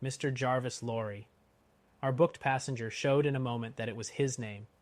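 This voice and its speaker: A man narrating a classic novel in a steady, expressive audiobook reading. His voice sits at a middle pitch. The recording is dry and close. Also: fairly quick, no room sound. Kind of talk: scripted narration.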